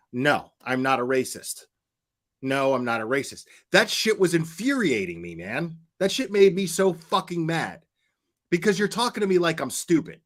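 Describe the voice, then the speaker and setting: Fired-up guy ranting on a reaction stream, kinda high voice, swears a ton, stammers when mad. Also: a bit bright. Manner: heated, profane, stammering when worked up. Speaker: commentary streamer. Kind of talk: angry reaction commentary.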